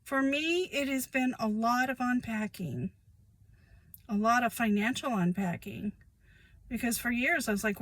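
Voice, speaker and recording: Woman, somewhat high voice, indignant, emphatic, casual monologue. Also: a little slow, a bit bright, dry recording, low-quality recording. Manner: emphatic, indignant, repeats phrases. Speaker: vlogger sharing personal experience.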